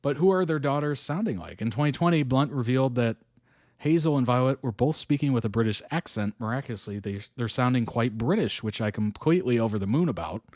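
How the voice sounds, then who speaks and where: A man's voice: mid-range voice, animated, fast talker, darkish tone, no echo, studio quality. A man hosting a reaction video, reading an article aloud and musing over it casually between chuckles.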